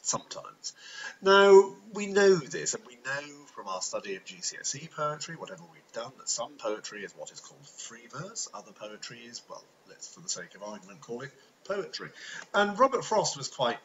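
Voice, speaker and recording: A man's voice: mid-range voice, sing-song, moderate pace, muffled recording, a little hiss or hum. A man, a teacher giving a recorded slide lecture with wry, self-deprecating asides. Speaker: English teacher.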